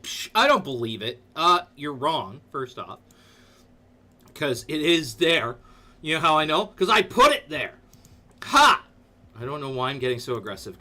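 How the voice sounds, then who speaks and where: A man hosting a casual livestream from his computer desk, playful and jokey, breaking into sudden loud outbursts. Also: mid-range voice. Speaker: livestream host. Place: seated at a computer in a dim room.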